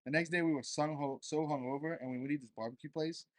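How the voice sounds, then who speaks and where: Young man, quick rambling talk, lots of likes, dry close mic. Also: a little high, steady tone, dry recording. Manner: rambling, filler-heavy chat. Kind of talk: casual podcast chat.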